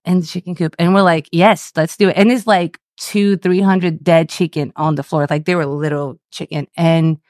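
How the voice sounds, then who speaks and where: A young woman from Brazil who grew up speaking Portuguese tells a story in a relaxed interview. Her voice sits a little low and she keeps it lively and animated. The sound is close and dry. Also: moderate pace, hardly any pauses, no room sound. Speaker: Portuguese school director.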